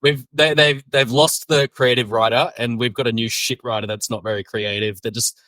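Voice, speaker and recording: A man's voice: mid-range voice, steady tone, normal speed, fairly bright tone, no room sound. A man co-hosting a comedy podcast, playfully spinning theories in casual chat. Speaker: podcast co-host.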